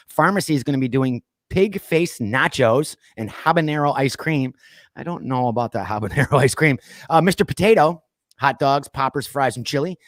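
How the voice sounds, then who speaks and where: A man's voice: mid-range voice, no echo. Chatty male podcast host, dry sound. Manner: chatty, reads lists with many fillers. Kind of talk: casual podcast chat. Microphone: streamed call mic.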